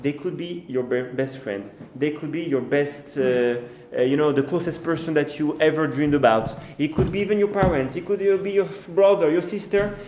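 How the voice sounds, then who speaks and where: A rabbi with a fairly high but darkish male voice tells a story as a sermon in an echoey room with faint noise. He speaks haltingly, repeating and restarting phrases, and acts out the birds and the king in short quoted bits.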